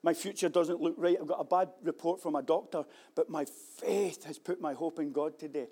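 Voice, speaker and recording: A man preaching a sermon as pastor, moving between loud fervent stretches and quiet reflective ones, repeating key phrases. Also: on the high side, steady tone, normal speed, slightly rough. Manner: acts out quoted voices and repeats key phrases.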